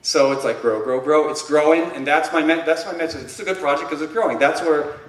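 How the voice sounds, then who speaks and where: A man's voice: fairly high pitch, fast talker. A man giving a conference presentation, speaking emphatically and with passion, rambling at times. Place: conference room. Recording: roomy echo, distant mic.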